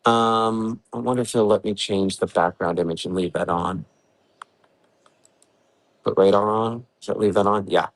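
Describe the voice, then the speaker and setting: A man's voice: fairly low pitch, steady tone, moderate pace, pauses often, low-quality recording. A man hosting a live severe weather briefing at home in the early morning, talking casually and thinking aloud with fillers while he works the maps. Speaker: weather forecaster hosting a livestream.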